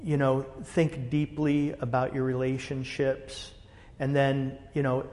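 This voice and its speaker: A man, a pastor, telling a story in casual group talk, rambling and animated with lots of "you know". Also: mid-range voice, measured pace, big-room sound. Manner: animated, rambling, many fillers.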